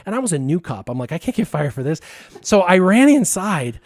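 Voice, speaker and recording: Man, slightly high voice, casual storyteller, animated, laughs often, acts out quotes, dry close sound. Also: fast, dry recording. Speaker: guest storyteller. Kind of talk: casual anecdote telling.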